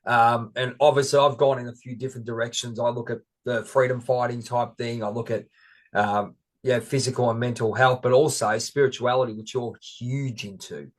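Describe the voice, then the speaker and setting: A man's voice: medium pitch, steady tone, moderate pace. A middle-aged Australian man hosting a casual interview, chatty and self-deprecating, rambling with fillers. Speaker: podcast host.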